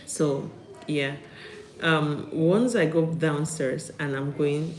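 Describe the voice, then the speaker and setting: A woman's voice: sits low, normal speed. A woman giving a live-streamed motivational talk from home, upbeat and repeating key phrases for emphasis. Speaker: motivational speaker. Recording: roomy echo, faint background noise.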